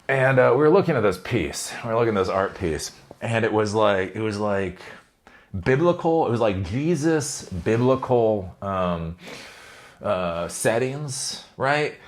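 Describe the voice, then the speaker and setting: A middle-aged man with a low voice talks loosely and off the cuff from his office. His pitch swings widely as he wanders from story to story, laughing and swearing along the way. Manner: chatty, digressive, laughs and swears often. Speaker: host. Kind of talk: casual rambling monologue.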